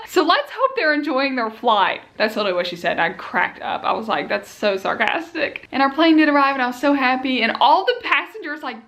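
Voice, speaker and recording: A young woman with a Southern accent, telling a story in a chatty, animated vlog and laughing easily. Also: on the high side. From Knoxville, Tennessee. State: excited and wired. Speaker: vlogger.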